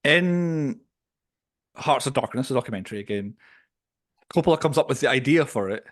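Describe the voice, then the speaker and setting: A man co-hosting a podcast, casually reviewing a film in an opinionated, animated way. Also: medium pitch, moderate pace. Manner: opinionated, animated storytelling with quoted voices. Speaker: podcast co-host.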